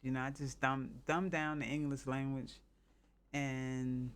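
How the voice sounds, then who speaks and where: A man from the northern United States, chatting casually on a live stream and thinking out loud in a halting, rambling way. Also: mid-range voice, level tone, slight background noise.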